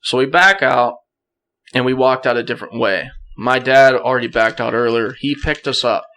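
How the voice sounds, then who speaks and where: A young man, a podcast guest, telling a hunting story in a casual, animated way, often laughing and clearing his throat. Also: medium pitch, moderate pace.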